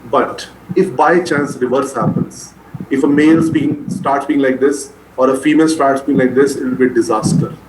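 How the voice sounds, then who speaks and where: In a medium-pitched, somewhat mellow voice, a man lectures a medical class, saying key terms again and again so students can note them. His repetitive style drills the terms for exams, captured with roomy echo and a bit of faint noise.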